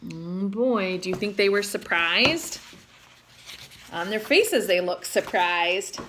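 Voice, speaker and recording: A woman's voice: mid-range voice, takes it slowly, sharp tone, slight background noise. A woman reading a children's picture book aloud as a storyteller, adding chatty asides to the listener.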